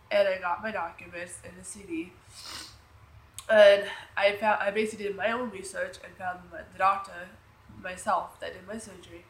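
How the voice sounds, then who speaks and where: A woman in her thirties telling a personal story on her vlog in a rambling, emotional way, full of fillers and restarts. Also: medium pitch. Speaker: vlogger. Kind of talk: casual storytelling. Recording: echoey room with faint noise.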